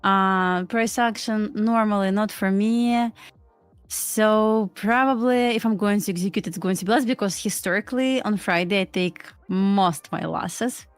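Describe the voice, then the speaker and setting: A woman's voice: medium pitch, unhurried, clear, resonant tone, dry recording. A woman on a live trading stream, chatting casually and giving plain, matter-of-fact market commentary.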